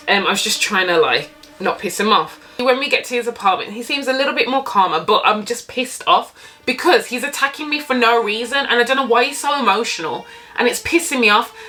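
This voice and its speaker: Young woman vlogger, bright voice, candid and sweary storyteller. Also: on the high side, a little fast. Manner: candid, animated, swears freely. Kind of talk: casual storytime.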